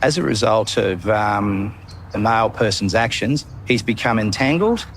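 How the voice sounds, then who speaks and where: A policeman reads out a formal statement to the media in stiff police jargon. His voice is low, broken by hesitant ums, with faint noise in the background. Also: lively intonation, normal speed. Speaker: police officer.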